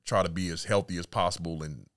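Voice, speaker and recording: A man's voice: low-pitched, fairly even intonation, fast talker, fairly bright tone, dry recording, clean studio sound. A middle-aged man and husband, a podcast guest, chatting casually in an easygoing, self-deprecating way. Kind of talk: casual interview chat.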